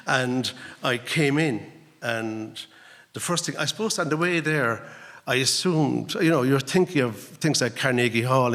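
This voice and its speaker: An Irish man, an author and guest lecturer, tells a story to an audience in a lecture hall in an animated way, full of "right?" and "like.". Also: mid-range voice. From Ireland. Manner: animated, acts out dialogue, frequent "right?" and "like" tags. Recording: reverberant hall.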